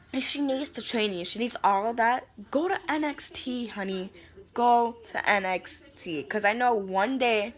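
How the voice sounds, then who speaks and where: A young woman delivering a heated, profane rant as a vlogger, sassy and fired up, calling people honey. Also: medium pitch. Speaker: vlogger ranting about wrestling.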